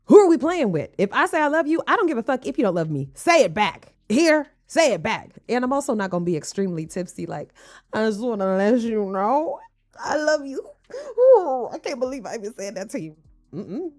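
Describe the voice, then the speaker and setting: A woman's voice: a little high, sing-song, quick pace. A woman hosting a casual commentary, reacting to a clip with blunt, profane sass and joking sarcasm.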